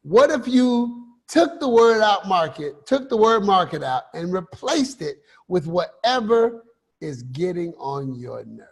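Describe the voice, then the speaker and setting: A man giving a motivational talk as a coach, emphatic, with repeated rhetorical questions and slow stressed phrases. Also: high-pitched, big pitch swings, husky. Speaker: finance and life coach host.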